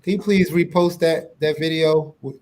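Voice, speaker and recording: A man's voice: a little high, steady tone, moderate pace, a little mellow. A man hosting a casual online chat show, laid-back and joking, often stumbling over his words. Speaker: show host.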